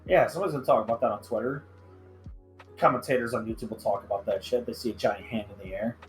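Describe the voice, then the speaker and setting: A man hosting a casual podcast chat, excitable and profane, breaking into sudden loud outbursts. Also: mid-range voice, fast, faint music behind. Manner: excitable, swearing, shouts in bursts. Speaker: podcast host.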